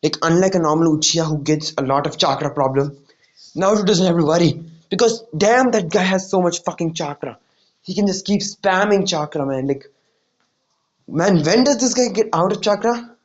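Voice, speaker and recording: A man's voice: sits high, normal speed, dull audio. A man casually retelling a fan-made story, rambling with many "like"s and "you know"s.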